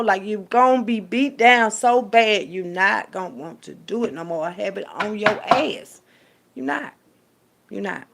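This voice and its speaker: A woman delivering a profane, preachy rant as a little sermon, swinging between hushed asides and loud outbursts. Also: mid-range voice, gravelly. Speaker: vlogger giving a street sermon.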